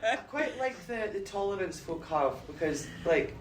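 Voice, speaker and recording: A man's voice: sits high, expressive, measured pace, far from the mic, crowd noise. A man in a casual group reflection, telling anecdotes and acting out what people said. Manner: storytelling, acts out what people said. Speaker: community learning worker. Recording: echoey room, voice off-mic.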